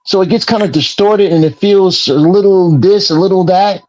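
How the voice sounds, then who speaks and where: A man's voice: high-pitched, normal speed, darkish tone. Insistent man arguing on a muffled call. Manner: interrupting, insistent, repeats "sir" and "hold on". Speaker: host. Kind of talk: heated debate call. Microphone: online group call.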